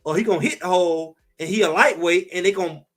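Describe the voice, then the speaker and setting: A man co-hosting a sports talk show in casual, emphatic chat, trash-talking and animated. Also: sits high, fast talker.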